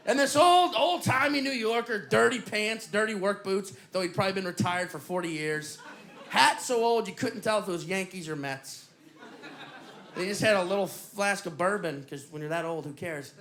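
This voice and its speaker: A male stand-up comedian telling an animated, punchy story on a comedy club stage. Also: high voice, normal speed, a crowd in the background, background noise.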